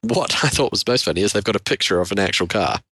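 A man's voice: fairly low pitch, animated, quick pace, sharp tone, husky, dry recording. A man co-hosting a casual tech podcast, joking wryly and laughing often. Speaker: podcast co-host.

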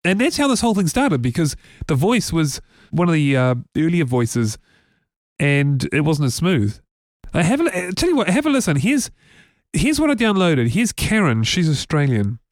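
NZ male co-host, casual rambling talker, slightly high tone, dry close sound. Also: wildly swooping pitch, moderate pace, no room sound. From New Zealand. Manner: chatty, rambling, many fillers. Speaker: podcast co-host. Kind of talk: casual tech podcast chat.

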